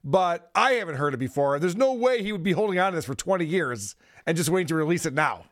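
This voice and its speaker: A man's voice: a little high, expressive, fast, fairly bright tone, no room sound, clean studio sound. A man co-hosting a comedy podcast, making sarcastic, mocking jokes in a casual chat. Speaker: podcast co-host.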